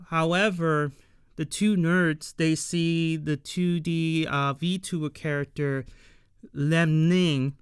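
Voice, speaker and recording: Slow, crisp-voiced man recapping an episode. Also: a little high, a bit bright, no room sound, clean studio sound. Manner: chatty, many fillers, asks viewers questions. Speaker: show reviewer.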